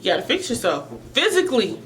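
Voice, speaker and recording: A woman's voice: fairly high pitch, very animated, fast talker, a bit bright, low-quality recording. A woman vlogger talking earnestly and emotionally to her viewers about mental health, often repeating herself as she searches for words.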